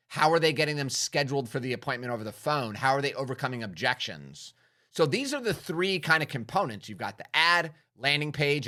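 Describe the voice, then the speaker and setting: A man's voice: medium pitch, pushed and bright. A man speaking as a marketing coach in a direct business talk, emphatic and persuasive, often asking his audience questions.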